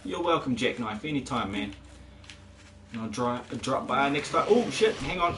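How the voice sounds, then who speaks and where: A man's voice: medium pitch, expressive, normal speed, noisy background. A man chatting casually on a live stream while he plays, rambling, chuckling often and swearing at the game.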